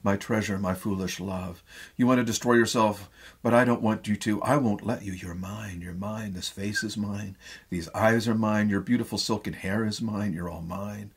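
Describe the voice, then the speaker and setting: A man reading the part of a possessive, flattering aging actress, pleading softly and intimately with a husky voice. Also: mid-range voice, moderate pace, natural voice.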